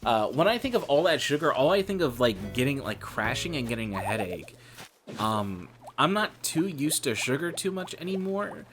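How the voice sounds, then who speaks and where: A man's voice: mid-range voice, big pitch swings, normal speed, music in the background. A man streaming and chatting casually, rambling and cursing and calling the listener brother.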